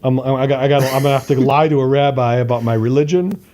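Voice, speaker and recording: A man's voice: mid-range voice, fairly even intonation, fast, dark tone. A man co-hosting a podcast, telling a casual story animatedly, acting out voices and swearing now and then. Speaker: podcast co-host.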